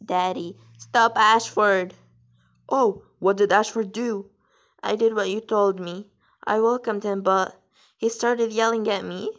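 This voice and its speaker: A woman's voice: mid-range voice, fairly even intonation, takes it slowly, pitched above the performer's own voice. A woman voicing a young boy who texts his father, in a pleading voice raised a little above her own. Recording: dull lo-fi audio.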